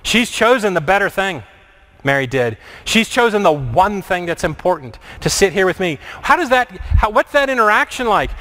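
A man preaching a reflective sermon, asking many questions and moving between lively and hushed delivery. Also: high voice, normal speed. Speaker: pastor.

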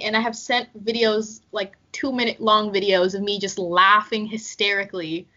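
Bright, giggly young woman on lo-fi audio. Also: medium pitch, flat delivery, normal speed, hardly any pauses. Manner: giggly, chatty, lots of fillers. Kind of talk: casual chat. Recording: dull lo-fi sound.

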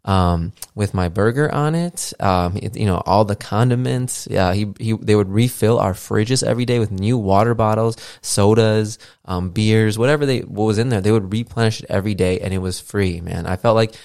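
A man's voice: fairly low pitch, normal speed, vocal fry, hardly any pauses, darkish tone, no room sound. A man hosting a casual solo podcast, rambling with lots of fillers and casual swearing, into a studio mic. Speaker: podcast host. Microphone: podcast mixer with studio mic.

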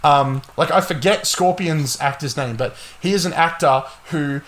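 A young man hosting a casual gaming podcast, talking excitedly and swearing a lot. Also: fairly high pitch, normal speed. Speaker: podcast host.

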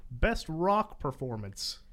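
A young man co-hosting a casual podcast, talking lively and listing names quickly. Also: a little high. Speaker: podcast co-host. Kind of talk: casual chat.

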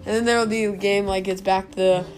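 A woman's voice: medium pitch, steady tone, fairly quick, soft background music. A young woman hosting a casual solo podcast from home, rambling with self-mocking asides. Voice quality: creaky vocal fry. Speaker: podcast host.

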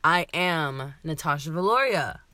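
A young woman co-hosts a podcast in loose, chatty talk, laughing easily and swearing without a second thought. Her voice sits a little low but sounds bright and forceful. The recording is dry and close, with no room sound. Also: expressive, a little slow, dry recording. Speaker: podcast co-host. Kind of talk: casual chat.

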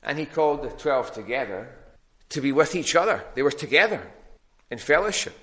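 A man's voice: mid-range voice, very animated, a little fast, a bit bright. Man preaching an earnest sermon. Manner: earnest, plain-spoken with frequent restarts. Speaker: pastor.

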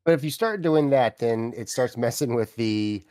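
A man's voice: mid-range voice, normal speed, mellow, dry recording, clean studio sound. A man co-hosting a casual comic book podcast, rambling and enthusiastic, with lots of likes and I means. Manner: rambling, enthusiastic, hedging with fillers. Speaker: podcast co-host.

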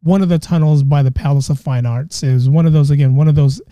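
A man's voice: fairly high pitch, steady tone, fast talker, warm tone, no room sound, clean studio sound. A man hosting a podcast, talking casually and rambling with frequent restarts. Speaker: podcast host. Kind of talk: casual monologue.

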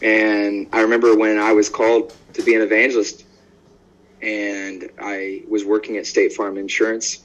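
A man's voice: on the low side, normal speed, slight background noise, low-quality recording. A man, an evangelist guest on a podcast, telling stories boldly and acting out the dialogue in them. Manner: lively storyteller acting out quoted dialogue; bold and outspoken. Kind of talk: conversational podcast interview.

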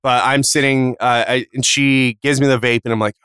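A man's voice: medium pitch, clean tone, no room sound, studio quality. A man hosting a podcast, telling a long comic story in casual, profane chat with sudden jumps in voice. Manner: animated, profane storyteller with quick voice shifts. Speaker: podcast host.

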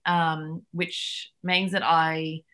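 Chatty woman, lowish voice. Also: very slow. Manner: chatty, lively storytelling with many fillers. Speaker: podcast guest, nutritionist. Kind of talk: casual chat.

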